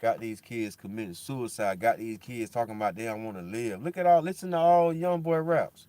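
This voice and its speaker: The recording is dry as a man rambles fairly quickly through a casual monologue, throwing around "bro" and "dog" constantly. One moment he's loud and animated, the next a low, somber mutter.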